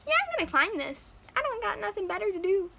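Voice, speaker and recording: A woman's voice: very high voice, very animated, fast, gravelly, very noisy, pitched above the performer's own voice, heavily acted. A woman doing an earnest, whiny boy magician. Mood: eager. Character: young boy magician, dreamy, stubborn.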